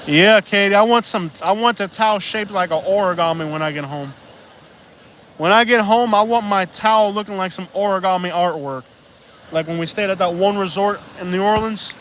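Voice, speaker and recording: A man's voice: sits high, normal speed, fairly bright tone, slight background noise. A man live-streaming outdoors on a beach at sunset, rambling and joking in casual chat and reading out viewer comments.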